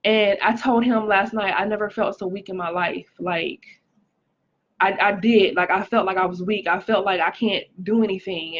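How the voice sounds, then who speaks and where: A woman's voice: medium pitch, breathy edge, dull audio. A woman giving an earnest, emotional testimony on a live stream as a life coach, reading viewer comments aloud. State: pregnant, recovering from stroke.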